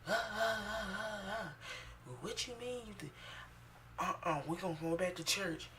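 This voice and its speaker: A woman's voice: medium pitch, normal speed, slight background noise, pitched above the performer's own voice, close to an everyday voice. Woman doing a stern scolding mother. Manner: clipped, repeating sharp "uh-uh". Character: scolding stern middle-aged mother, disapproving.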